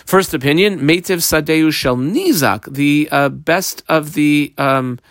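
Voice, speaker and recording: A man teaches a Talmud lesson at a slow pace with no room sound. He reads Aramaic phrases and explains them in English, using frequent fillers, animated and swinging his pitch lively.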